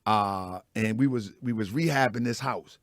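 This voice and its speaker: A man with a raspy voice hosting a casual morning show, telling stories loudly and laughing as he goes. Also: on the low side, moderate pace, no room sound, clean studio sound. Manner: loud, animated storytelling with laughs. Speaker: host.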